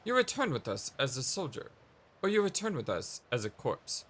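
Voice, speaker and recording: A man voicing a stern, cold soldier commander, reading game dialogue slowly and gravely over game music. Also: mid-range voice, sing-song. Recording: loud game music behind.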